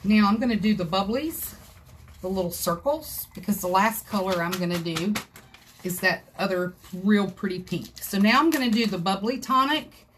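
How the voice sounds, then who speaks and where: A woman's voice: mid-range voice, normal speed, a little hiss or hum. Chatty woman crafting live. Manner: chatty, folksy, talks to viewers as she works. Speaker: craft tutorial host. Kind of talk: live-stream craft tutorial. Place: home craft room. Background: dogs scratching in another room.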